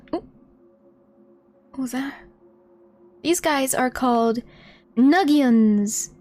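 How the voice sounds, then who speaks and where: A woman's voice: high voice, a little mellow. A woman live-streaming a video game, giggling often and chatting to her viewers as she plays. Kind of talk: live gameplay commentary.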